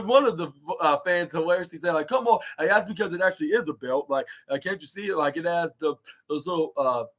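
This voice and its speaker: A man's voice: fairly high pitch, rough recording. A man hosting a podcast, recapping a wrestling show in a rambling way with many fillers and restarts. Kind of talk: casual recap.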